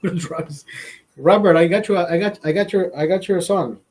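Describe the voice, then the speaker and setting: A man with a voice a bit higher than most men's chats on his live stream. He swears constantly, rambles, and keeps restarting his sentences as he speaks to viewers by name. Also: moderate pace, darkish tone. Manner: profane, rambling, self-interrupting. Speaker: livestream host. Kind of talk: casual storytelling to live chat.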